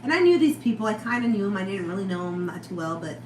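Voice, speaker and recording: A woman co-host chatting casually, relaxed and asking questions as she tells stories. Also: medium pitch, fast, crowd noise. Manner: relaxed, conversational, prompts with questions. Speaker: podcast co-host. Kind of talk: casual storytelling chat. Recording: roomy with background noise.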